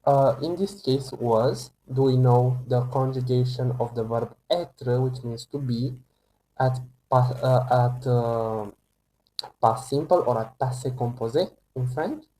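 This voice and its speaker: A man teaching an online French lesson to English speakers, talking slowly and hesitantly with many fillers and restarts. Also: medium pitch, dark tone, slight background noise, poor audio. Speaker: French tutor.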